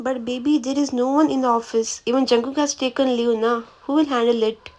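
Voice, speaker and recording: A woman reading a story aloud, voicing a patient young husband who talks softly and soothingly. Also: sits high, steady tone, fast talker, close to an everyday voice. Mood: pleading. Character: patient, doting young husband, gently coaxing.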